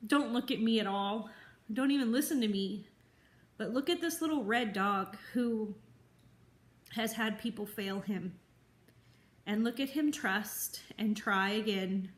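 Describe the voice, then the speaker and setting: A woman dog trainer talking earnestly to the camera in a vlog, teary and sniffly after a good cry. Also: mid-range voice. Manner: slow, heartfelt, earnest. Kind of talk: emotional vlog talk to camera. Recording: echoey room.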